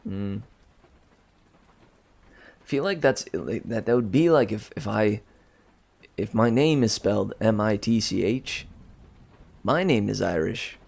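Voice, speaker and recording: Male story reader in a loose aside, chuckly and self-amused, with a low, creaky voice. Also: expressive, takes it slowly, long pauses, darkish tone. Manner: chatty, self-amused, chuckling, trailing off and restarting. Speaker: audiobook reader. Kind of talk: casual rambling aside.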